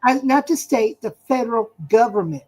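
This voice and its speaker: A woman's voice: fairly high pitch, lively intonation, moderate pace, a little mellow, poor audio. A woman hosting a heated casual chat, blunt and combative, pressing the others with pointed questions.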